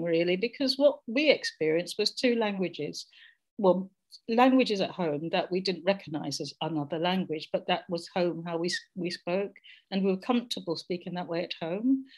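A woman's voice: lowish voice, expressive, moderate pace. A middle-aged woman from Jamaica, sharing personal reflections as a panelist in an online group discussion, searching for words as she goes.

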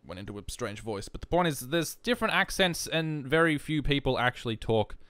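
Australian guy, gaming voice-over, rambling and self-mocking, very animated, dry close mic. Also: mid-range voice, brisk, no room sound. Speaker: gaming YouTuber. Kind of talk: casual commentary over gameplay. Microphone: headphones and desk mic.

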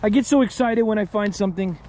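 A man in his thirties vlogging outdoors in the woods, rambling, joking and swearing, getting excited over finds. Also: high voice, fast talker, a little hiss or hum. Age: 30s. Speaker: paranormal explorer vlogger. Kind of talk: casual outdoor vlog.

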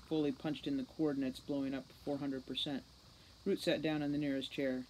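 A woman reading a novel aloud with steady, measured narration. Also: rumbling low, slight background noise, poor audio. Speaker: audiobook reader.

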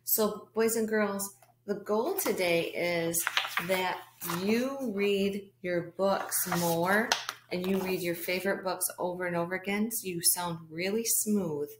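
Slow-talking woman teaching little kids. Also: fairly low pitch, background noise. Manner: slow, encouraging, speaks directly to children. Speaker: kindergarten teacher. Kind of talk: read-aloud reading lesson for children. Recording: echoey room.

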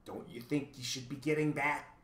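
A man's voice: medium pitch, level tone, normal speed, fairly bright tone, recorded from a distance, slight background noise, lightly acted. A man voicing a boastful, blustering male humbug bug who talks fiercely, in a roomy recording.

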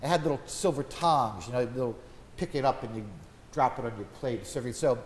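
Priest giving a folksy sermon. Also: male voice, medium pitch, moderate pace. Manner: conversational, folksy storytelling. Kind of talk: informal sermon. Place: church. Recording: long church reverb, faint background hum.

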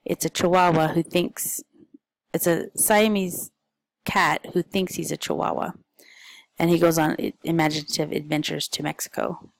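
A woman's voice: low voice, little pitch movement, normal speed, no echo, low-quality recording. A woman, a parent, chatting casually and informally through a stack of picture book recommendations, with frequent ums and uhs.

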